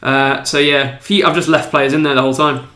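A man with a fairly high voice co-hosts a casual podcast. He teases his friend in a laid-back way. His voice rings around an echoey room. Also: fairly even intonation, a little fast, sharp tone. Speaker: podcast co-host.

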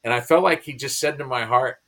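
A man's voice: mid-range voice, fairly quick. A man, a pastor and comedian, telling his personal conversion story as a podcast guest, earnest and emotional. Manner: earnest, emotional, animated retelling.

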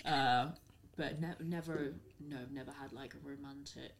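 A woman's voice: a bass voice, steady tone, normal speed. A young woman hosting a podcast, chatting casually and agreeably as she interviews a guest. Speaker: podcast host.

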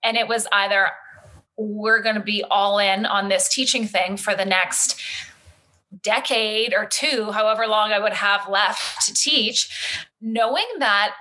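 A woman in her thirties or forties telling her story in casual conversation, animated and acting out the voices of others. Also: medium pitch, a little slow, low-quality recording. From Canada. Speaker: guest, community founder.

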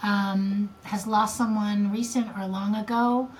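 A woman's voice: medium pitch, fairly even intonation, takes it slowly. An older woman co-hosting a podcast, telling a family story in a rambling, emotional way. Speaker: podcast co-host. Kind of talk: casual chat.

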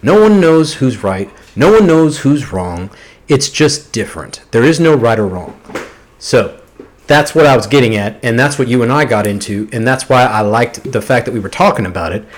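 Animated opinionated male podcast host. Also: mid-range voice, normal speed. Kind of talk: casual podcast chat.

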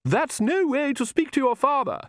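A man's voice: extremely high pitch, huge pitch swings, moderate pace, pitched above the performer's own voice, full character voice. A man voicing a fussy, fretful female vampire countess who tries to placate her family.

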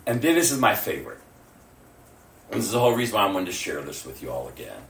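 A man preaching a sermon to his church, rising to loud exclamations and dropping to hushed near-whispers, laughing often. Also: fairly low pitch, big pitch swings, quick pace, creaky. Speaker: pastor. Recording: roomy, from far off the mic. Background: congregation responses.

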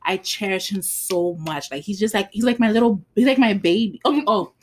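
A woman's voice: mid-range voice, moderate pace. A woman co-hosting a faith podcast in casual chat, laughing often and acting out her parents' lines. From abroad, moved to the US. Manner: laughs often, quotes family in voices. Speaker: podcast co-host.

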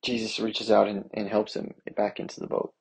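A man with a low, gravelly and somewhat husky voice, preaching. He reads scripture aloud and then explains it in earnest, everyday words. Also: monotone, moderate pace, poor audio. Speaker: pastor. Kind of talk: sermon with scripture reading.

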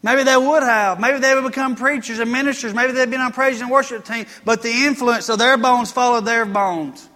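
Male pastor, folksy sermon storyteller, bright tone, long hall echo. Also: extremely high pitch, normal speed, hardly any pauses. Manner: folksy storytelling preacher, rising to emphatic preaching. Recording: long reverb of a church hall.

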